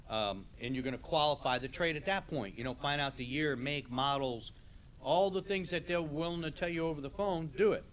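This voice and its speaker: A man's voice: on the high side, animated, moderate pace, a bit bright, a little hiss or hum. A man teaching a sales training class in a casual lecture style, often checking in with "okay?".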